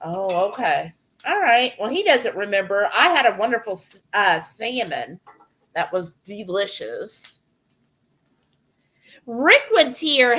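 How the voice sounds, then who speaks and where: A woman's voice: fairly high pitch, big pitch swings, slow, a bit bright, husky. A woman hosting a live cooking stream, casually reading out viewer comments and greeting each viewer by name. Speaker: cooking livestream host reading chat.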